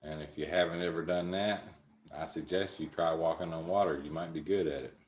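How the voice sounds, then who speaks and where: Very deep-voiced man rambling crudely. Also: fairly even intonation, fairly quick, reverberant. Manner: rambling, crude jokey humor, chuckles often. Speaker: live stream host. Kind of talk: casual storytelling chat.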